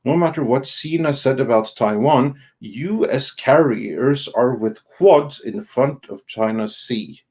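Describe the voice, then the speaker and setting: Live-stream co-host, male, mid pitch, halting and filler-heavy, casual read-out of viewer messages. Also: a little mellow. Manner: halting, many ums and restarts. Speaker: co-host of an online entertainment news show. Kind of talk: casual live-stream chat reading Super Chats.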